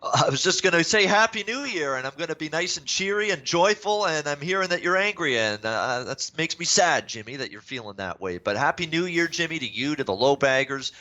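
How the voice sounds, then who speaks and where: A man's voice: fairly high pitch, animated, brisk, few pauses, sharp tone, lo-fi sound. A man joining a sports betting show as a guest, chatting in a cheery, rambling way and correcting himself as he talks. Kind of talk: casual chat.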